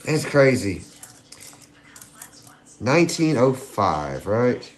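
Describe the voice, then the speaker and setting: A man, hosting a live stream and chatting excitedly with viewers. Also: mid-range voice, very slow. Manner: excitable, giddy, chats to viewers. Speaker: livestream host hunting coins. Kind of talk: casual live-stream chat.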